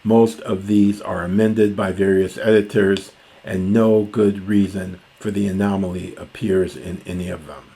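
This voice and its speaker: Male lecturer, very deep and slow, hesitant delivery full of fillers, reads phrases carefully. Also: steady tone, dark tone. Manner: hesitant, many fillers and self-corrections, slows to chant Greek. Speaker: classics lecturer. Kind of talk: reading and explaining ancient Greek lines.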